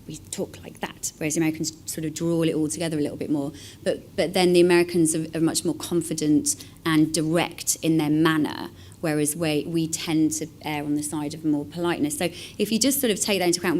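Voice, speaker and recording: A woman, an actor talking about a favourite film in a relaxed, reflective way with many fillers and restarts. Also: low voice, a little hiss or hum. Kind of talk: casual conversation.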